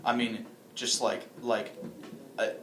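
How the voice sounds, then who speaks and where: A man's voice: medium pitch, little pitch movement, slow, a bit bright, slight background noise. A young man co-hosting a casual podcast, rambling with restarts and frequent laughs. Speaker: podcast co-host.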